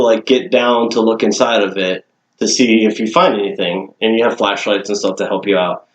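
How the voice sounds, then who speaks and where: A man's voice: mid-range voice, roomy sound. A young man casually telling a story on a podcast, swearing and laughing often. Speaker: podcast co-host.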